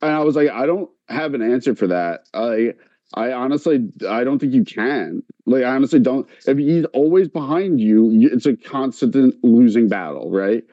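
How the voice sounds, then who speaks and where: A man's voice: medium pitch, moderate pace, no room sound, highs cut off. A man on a podcast telling a long story in casual chat, full of filler likes and quoting others as he goes. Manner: animated, many filler likes, quotes others in voices.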